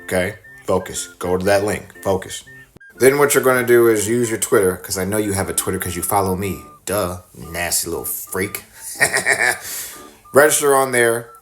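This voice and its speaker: A man's voice: fairly low pitch, normal speed, a bit bright, faint music behind. A man hosting a podcast, giving repetitive step-by-step instructions in a teasing way and putting on a British accent. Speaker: podcast host. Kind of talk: recorded promo announcement.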